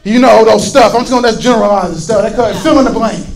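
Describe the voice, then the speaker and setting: A man preaching a fiery sermon, often shouting and repeating words as he builds intensity. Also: sits high, quick pace, soft background music, low-quality recording. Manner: fervent, shouting, repeats words when worked up.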